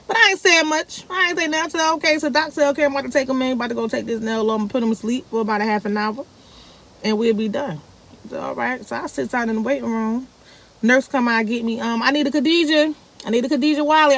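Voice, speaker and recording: Woman, chatty vlog storyteller who acts out every quote. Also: vocal fry. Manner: animated, acts out quoted speech with big pitch jumps. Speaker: vlogger. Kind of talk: casual storytelling to viewers.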